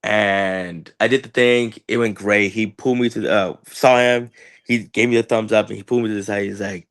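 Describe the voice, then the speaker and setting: A man in his thirties, a wrestler guest, telling stories in an animated way and acting out what people said to him. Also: lowish voice, brisk, smooth. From Chicago area. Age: 30s. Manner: animated storyteller, acts out quotes, repeats words. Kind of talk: casual interview talk.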